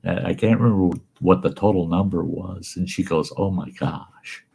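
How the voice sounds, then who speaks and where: A man's voice: low-pitched, fairly even intonation, brisk, gravelly, warm tone, breathy edge. A man host telling a folksy, salty story about his own past.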